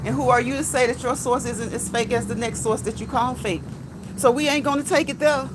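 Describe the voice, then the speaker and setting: High-voiced woman chatting on a walk. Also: fairly even intonation, brisk. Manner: chatty, repeats phrases, ends lines with "okay?" and "right?"; reads viewer comments aloud. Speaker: live-stream host. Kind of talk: casual live-stream chat while walking. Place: outdoors near a street and train tracks. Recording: outdoor street with traffic noise. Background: passing cars and a train.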